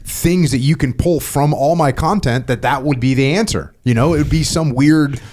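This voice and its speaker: A man's voice: medium pitch, moderate pace. Middle-aged man, rambling podcast host. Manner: rambling, animated, acts out quoted dialogue. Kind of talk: casual conversation.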